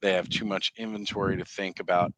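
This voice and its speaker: Low-voiced man hosting a toy livestream. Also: a little fast. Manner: relaxed, rambling explanations. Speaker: livestream host. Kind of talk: casual chat.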